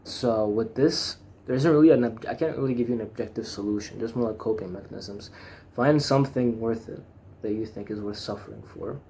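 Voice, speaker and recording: A man's voice: lowish voice, brisk, dark tone, a little hiss or hum. A young man talking frankly in a rambling personal monologue, full of fillers, restarts and swearing. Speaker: vlogger.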